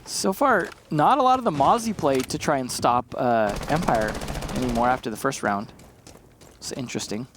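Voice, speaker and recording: A man's voice: mid-range voice, animated, moderate pace, background noise. A man giving casual, analytical color commentary on an esports match, laughing easily between points. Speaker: esports caster.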